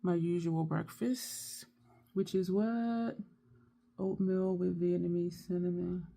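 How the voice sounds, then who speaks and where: Woman makeup vlogger, low register with vocal fry, chatty and thinking out loud. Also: fairly even intonation, slow pace. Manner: chatty, thinks aloud while working. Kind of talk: casual makeup tutorial chat.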